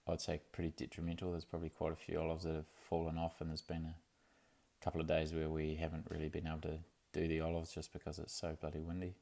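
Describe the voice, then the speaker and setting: A man's voice: extremely low pitch, monotone, fast talker, vocal fry, few pauses, mellow. A young man, talking in a laid-back, rambling way for his video diary, full of fillers and restarts. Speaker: vlogger.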